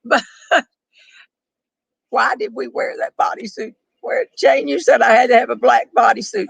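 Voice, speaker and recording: An older woman, chatting and storytelling on a back porch, wry and quick to laugh. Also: on the high side, lively intonation, gravelly, husky, no echo, rough recording. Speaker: storyteller host reading viewer questions. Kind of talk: casual chat with a friend.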